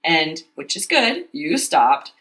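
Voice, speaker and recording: A woman co-hosting a candid conversation, talking openly about her own experiences in a lively, storytelling way. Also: deep voice, slow pace. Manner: open, confessional, animated storytelling. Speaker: podcast co-host. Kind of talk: candid casual chat.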